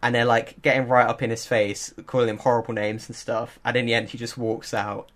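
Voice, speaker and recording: A man co-hosting a relaxed podcast, recounting a story in an animated way. He leans on fillers like "like" and "um" and breaks into short laughs. His voice sits in a middle pitch. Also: brisk. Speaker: podcast co-host. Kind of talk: casual chat.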